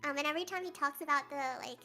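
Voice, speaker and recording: A young woman hosting a stream, chatting casually and telling animated stories that imitate others. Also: high-pitched, racing. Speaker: streamer host. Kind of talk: casual chat. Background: faint music.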